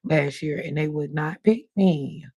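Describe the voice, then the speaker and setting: Gravelly fifty-something woman live-streaming. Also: low-pitched, unhurried, dry recording. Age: 50s. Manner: chatty, animated storytelling with cussing and quoted voices. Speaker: livestream host. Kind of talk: casual livestream chat.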